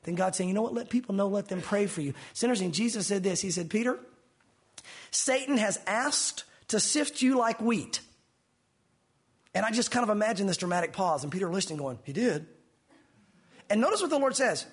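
A man delivering an animated sermon, switching into little voices to act out scenes. His voice sits high and has a husky edge. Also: moderate pace, pauses often. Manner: animated, acts out dialogue in different voices. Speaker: pastor.

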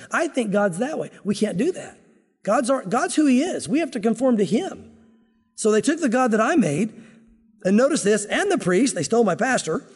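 A man's voice: high-pitched, a little mellow, breathy edge, in a large hall. A middle-aged male pastor giving an expository sermon in an earnest, conversational teaching manner.

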